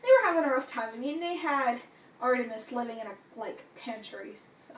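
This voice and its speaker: A young adult woman reviewing a book in casual vlog talk, gushing and excitable, full of "like" and "you know". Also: fairly high pitch, brisk, a little hiss or hum. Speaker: book vlogger. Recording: echoey room, distant from mic.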